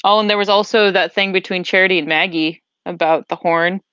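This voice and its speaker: A woman's voice: fairly low pitch, fairly even intonation, fairly quick, a bit bright, clear, resonant tone, no room sound. Rambling woman recapping a game. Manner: rambling, restarts sentences while recalling events. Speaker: player on a tabletop game podcast. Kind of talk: casual recap chat. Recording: slightly muffled dry recording.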